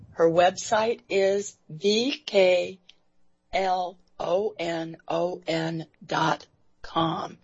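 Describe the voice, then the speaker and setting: Slow, husky-voiced woman hosting a show. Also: mid-range voice. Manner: hesitant, halting with frequent fillers and restarts. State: emotional, near tears. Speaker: radio show host. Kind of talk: interview. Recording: dull lo-fi recording.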